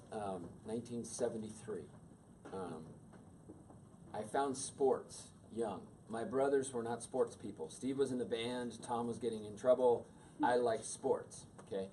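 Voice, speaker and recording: A man in his fifties, a workshop speaker telling a personal story to an audience in a conversational, animated way. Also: mid-range voice, slight background noise. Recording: distant mic with faint room ambience.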